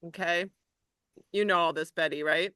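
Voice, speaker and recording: Bubbly woman with a bright, crisp voice. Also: on the low side, fairly even intonation, moderate pace, dry recording, clean studio sound. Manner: bubbly, laughing, chatty. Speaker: health coach hosting a group session. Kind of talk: casual group chat.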